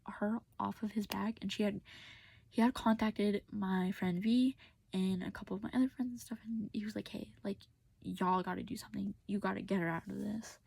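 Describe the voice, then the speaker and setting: A woman's voice: mid-range voice, steady tone, moderate pace, creaky, darkish tone, husky, no room sound. A young woman telling a personal story in a casual, venting way, often dropping to a whisper and close to tears. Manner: casual, venting, many fillers, drops to whispers. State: tearful.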